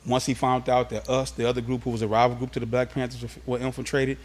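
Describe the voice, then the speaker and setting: A man from Los Angeles sits as an interview guest and tells stories of his youth in a relaxed, streetwise way. His voice sits at an ordinary middle pitch. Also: fast talker. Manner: animated, streetwise storytelling. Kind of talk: casual storytelling interview.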